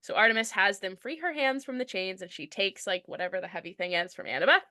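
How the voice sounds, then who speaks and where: A woman co-hosting a casual book podcast, recapping the chapters in an animated, chatty way and laughing often. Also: medium pitch, quick pace, dry recording, studio quality. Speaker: podcast co-host. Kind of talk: casual book-discussion chat.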